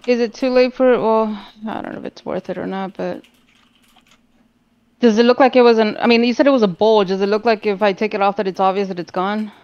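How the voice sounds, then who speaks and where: Woman player thinking out loud, smooth voice, dull lo-fi online chat. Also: mid-range voice, steady tone, brisk, no room sound. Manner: questioning, thinking aloud. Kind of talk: playing a tabletop game.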